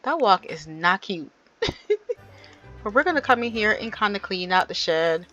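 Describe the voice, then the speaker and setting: A woman's voice: mid-range voice, very animated, moderate pace, sharp tone, dull audio, faint music behind. A woman giving casual, chatty gameplay commentary and talking straight to her viewers. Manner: chatty, addresses viewers directly. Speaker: gaming channel host.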